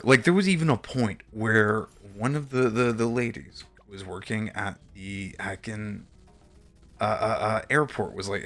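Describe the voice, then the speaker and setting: A man's voice: fairly low pitch, measured pace, fairly bright tone, soft background music. A young man streaming, telling a story casually with exasperated, profane asides.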